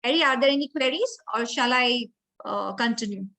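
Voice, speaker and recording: Bright high-voiced Indian woman trainer. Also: low-quality recording. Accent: Indian English. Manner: clear instructive delivery with deliberate emphasis on key words. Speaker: grooming and communication trainer. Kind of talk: online training session.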